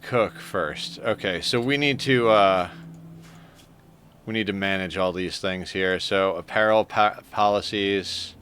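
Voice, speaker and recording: A man's voice: deep voice, slow pace, fairly bright tone, slight background noise. A man chatting casually on a live game stream, rambling and easily flustered. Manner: rambling, flustered, self-deprecating. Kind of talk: casual live-stream chat while playing.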